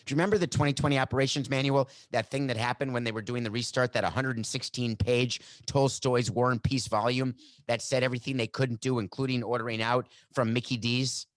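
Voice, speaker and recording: A man's voice: mid-range voice, fairly even intonation, brisk, dry recording. A man hosts a sports talk podcast in a sarcastic, mock-dramatic monologue. His voice sits in a middle register, and the desk mic is close and completely dry. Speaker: podcast host. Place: desk at home studio.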